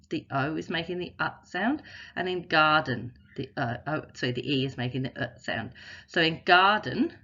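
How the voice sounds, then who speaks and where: A low-voiced woman teaching a spelling lesson with a husky, breathy tone. She explains patiently and step by step, slowing down to sound out example words. The recording is dull and a little lo-fi. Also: fairly bright tone. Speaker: literacy teacher. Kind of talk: instructional video explanation.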